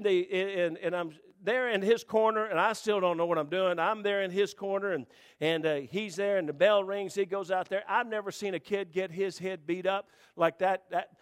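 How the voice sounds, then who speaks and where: A man preaching to a congregation, telling a rambling, animated story with restarts. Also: sits high, normal speed, clean tone. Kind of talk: storytelling sermon.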